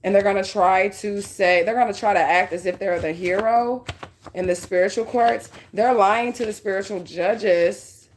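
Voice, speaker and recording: A woman's voice: mid-range voice, fairly even intonation, normal speed, slight background noise. Blunt, profane woman doing a psychic reading. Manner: profane, blunt, street-talking, repeats "okay?". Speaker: psychic reader. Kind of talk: casual spiritual reading monologue.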